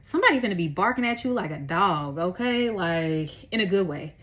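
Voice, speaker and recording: A woman's voice: lowish voice, animated, fairly quick, fairly bright tone, rough recording. A woman giving a casual tarot reading, chatty, slangy and profane, laughing often. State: out of breath. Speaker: tarot reader.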